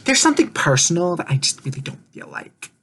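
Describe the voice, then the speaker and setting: A man's voice: a little high, big pitch swings, fast, a bit bright, faint music behind. A man casually recapping an online game he played, rambling and laughing often, swearing offhandedly and acting out his own quoted lines.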